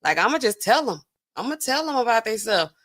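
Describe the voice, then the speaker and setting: A woman's voice: a little high, a little fast. Chatty woman hosting a livestream reaction. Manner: chatty and animated, talking straight to chat viewers; relaxed slangy speech with frequent filler words. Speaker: host reacting to drug news clips. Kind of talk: casual livestream reaction chat.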